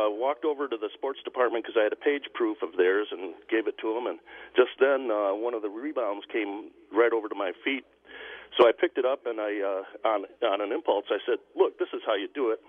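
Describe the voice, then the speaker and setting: A male caller telling a story on a phone line, halting with many fillers. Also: fairly low pitch. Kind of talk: phone-in anecdote.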